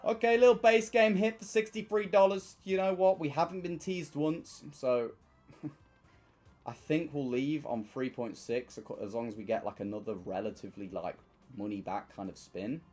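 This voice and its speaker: A young man casually commenting while playing online slots, bursting into excited shouts at wins. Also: on the high side, normal speed, soft background music.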